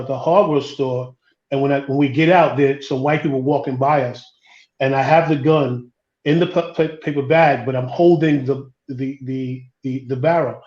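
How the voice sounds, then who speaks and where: A man, a podcast co-host, tells a personal story in a group discussion, halting and repeating words as he goes. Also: mid-range voice, a little mellow, echoey room, highs cut off.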